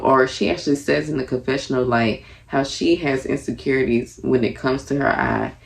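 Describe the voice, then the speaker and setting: A woman's voice: extremely low pitch, gravelly. A young woman casually reviewing a reality TV episode, chatty and earnest, with lots of fillers. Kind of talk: casual reaction commentary.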